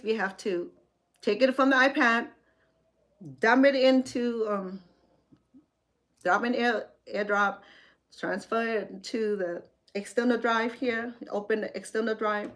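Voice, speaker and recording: A woman at home hosts a casual livestream, talking her viewers through a computer task. Her voice sits at an ordinary middle pitch. She speaks loosely and chattily, often restarting her phrases and filling pauses. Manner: chatty, with frequent restarts and fillers. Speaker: livestream host. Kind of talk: casual tech walkthrough.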